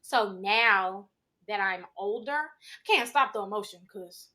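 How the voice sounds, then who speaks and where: A woman on a podcast in casual chat, candid and halting, with many fillers. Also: medium pitch, pushed and bright. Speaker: podcast co-host.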